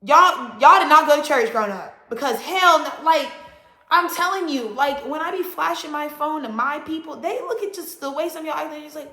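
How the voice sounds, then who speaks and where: A woman with a fairly high voice rants bluntly at her viewers, profane and animated, punching her words. Her voice rings around an echoey room. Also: a little fast. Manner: blunt, profane and animated, with frequent loud emphasis. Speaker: astrology vlogger. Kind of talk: casual ranting monologue.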